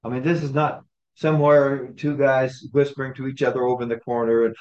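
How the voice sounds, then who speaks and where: A Bible study leader teaches a small group from scripture in a conversational manner, questioning them and dramatizing the quoted lines. His delivery is flat and fairly quick, at medium pitch with a darkish tone, and the lo-fi recording sounds dull.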